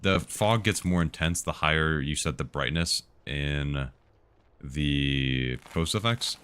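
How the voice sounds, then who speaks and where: A man with an extremely low voice talks casually over his gameplay, answering viewers' tech questions as he plays. Clear background noise and clicking sounds run behind his voice the whole time. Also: slow pace, fairly bright tone. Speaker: game streamer answering chat. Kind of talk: casual live-stream commentary.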